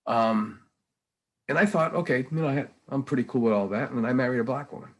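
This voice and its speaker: A man in his sixties, a painter, telling rambling, animated stories in casual conversation with many restarts. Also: mid-range voice, fast talker. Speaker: painter and guest.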